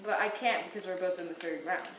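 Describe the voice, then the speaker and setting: A woman's voice: lowish voice, fast talker. A young woman playing a racing game with a friend, chatting and cheering in a giddy, playful way. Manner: giddy, playful, bursts into sing-song shouts. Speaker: gamer recording a let's play. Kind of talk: excited gaming chat. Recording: roomy echo, mic far off, faint background noise.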